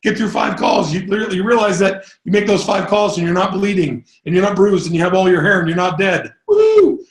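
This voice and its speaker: A man giving a live sales coaching talk to a group, energetic and rambling, breaking into sudden whoops. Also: sits high, quick pace, roomy sound.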